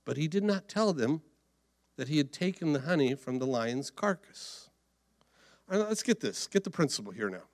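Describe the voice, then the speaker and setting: A man preaches a dramatic sermon, acting out the story as he goes. His voice is high and swings widely, with a gravelly grain. The sound is close and dry. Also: big pitch swings, moderate pace, dry recording. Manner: dramatic, acts out the story, hums and sings filler.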